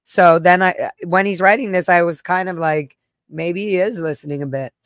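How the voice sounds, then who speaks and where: A woman's voice: lowish voice, moderate pace, no room sound, studio quality. A woman hosting a personal livestream, talking candidly and emotionally, cursing bluntly and reacting to messages she reads aloud. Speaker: livestream host.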